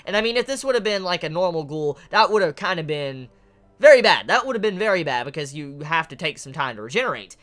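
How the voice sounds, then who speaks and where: A reviewer talking casually through a comic chapter, swearing freely and acting out the characters' lines with bursts of excitement. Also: mid-range voice, fast talker. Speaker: manga reviewer. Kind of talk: casual video commentary.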